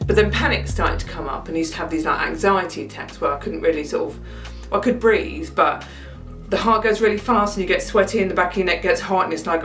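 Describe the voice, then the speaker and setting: A woman, doing a self-mocking comic monologue with wry deadpan asides. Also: fairly low pitch, fast, soft background music. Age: 30s. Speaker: comedian. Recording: roomy sound, mic at a distance.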